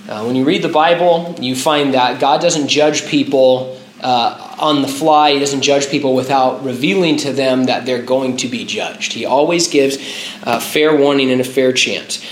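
A male pastor gives a conversational sermon at a middle pitch. He restarts phrases and drops in filler words as he explains scripture. His voice rings in an echoey room with a faint ambient hum. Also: fairly bright tone.

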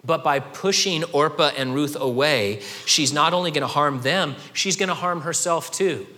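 High-voiced, bright male preacher in a hall. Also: normal speed. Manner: animated preaching, acts out quoted voices. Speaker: pastor. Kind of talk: sermon.

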